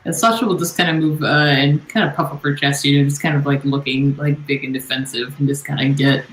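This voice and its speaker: A man's voice: a little high, fairly even intonation, fairly quick, a bit bright. A man playing a tabletop game, rambling through his character's moves with many fillers. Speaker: player. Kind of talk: casual tabletop play. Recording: roomy, slightly noisy.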